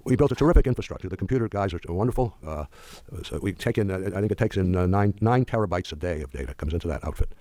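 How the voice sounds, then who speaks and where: An older man speaks quickly in a fairly low voice, telling rambling stories to an audience. His talk is full of restarts and asides, with a dry sense of humor. The sound is dry and close. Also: expressive, dark tone, dry recording. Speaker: firm founder telling stories.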